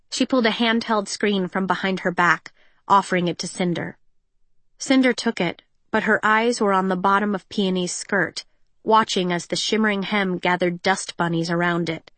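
A woman's voice: mid-range voice, steady tone, normal speed, a bit bright, no echo. Woman narrating an audiobook, dry sound. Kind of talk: scripted narration.

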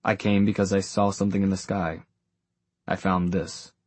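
A man voicing a world-weary male warlock who speaks in a dry, flat way. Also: deep voice, normal speed, no echo. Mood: wry.

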